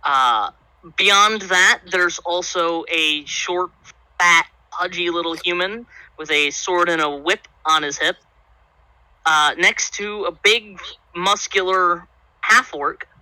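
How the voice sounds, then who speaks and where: High-voiced man running a tabletop game. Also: slow, sharp tone, clear, resonant tone, dry recording, poor audio. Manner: loose, filler-heavy storytelling. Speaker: game master.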